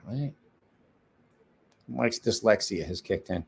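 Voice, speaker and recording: A man's voice: mid-range voice, lively intonation, moderate pace, slight background noise. Swearing, laughing man telling stories. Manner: answers viewer chat off the cuff. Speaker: host of a knife live stream. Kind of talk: casual storytelling on a live stream.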